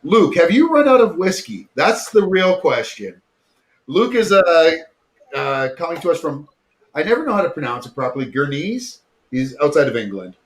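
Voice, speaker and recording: A man's voice: on the high side, big pitch swings, normal speed. Laughing Canadian man hosting a chat show. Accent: Southern Ontario Canadian. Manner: joking, laughs often. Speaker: podcast host. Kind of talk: casual chat.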